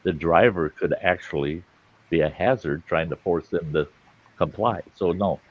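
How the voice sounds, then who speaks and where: A man telling a story in casual chat, animated, cursing casually. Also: low voice, moderate pace, highs cut off.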